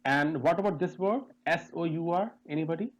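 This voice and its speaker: A man teaching English pronunciation in an online lesson, speaking deliberately, repeating sounds and spelling words out letter by letter, and asking the class questions over a video call. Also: on the high side, poor audio.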